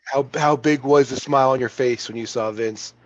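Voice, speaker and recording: A man's voice: mid-range voice, steady tone, moderate pace, lo-fi sound, a crowd in the background. A man hosting an interview, amused, asking short prompting questions. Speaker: interviewer, host.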